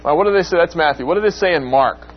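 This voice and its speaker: Speaking at a quick pace with faint music behind him, a man teaches an interactive Bible class, asking questions and performing quoted lines in a dramatic voice with rising pitch. The recording is dull and lo-fi, with a faint hum.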